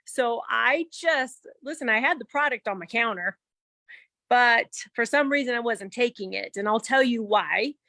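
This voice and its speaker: A woman's voice: on the high side, normal speed, no echo. Chatty woman telling her story, dry sound. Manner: chatty and animated, with laughs and quoted self-talk. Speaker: guest giving a testimony. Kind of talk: candid personal testimony.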